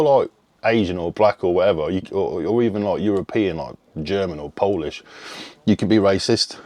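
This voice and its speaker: A man in his thirties talks straight to his viewers in a loose, rambling vlog style, tossing in swear words without a second thought. His voice is very deep and low. The sound is dry and close, with no room echo. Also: mellow. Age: 30s. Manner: rambling, frank, casual swearing. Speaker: fitness coach. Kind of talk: casual vlog chat.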